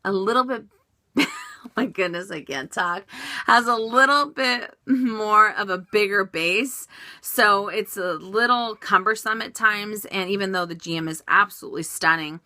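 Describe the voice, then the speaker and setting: A woman's voice: mid-range voice, measured pace, bright, forceful tone, no room sound. A woman chatting casually as she answers viewer questions in a vlog, upbeat with many fillers and restarts.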